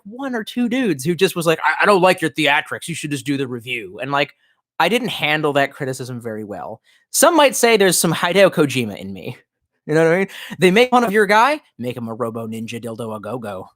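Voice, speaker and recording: A man's voice: a little high, sing-song, brisk, fairly bright tone. Profane, rambling man with a swooping voice. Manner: profane, rambling, tipsy with vodka. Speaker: streamer reading live chat. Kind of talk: casual rambling livestream chat.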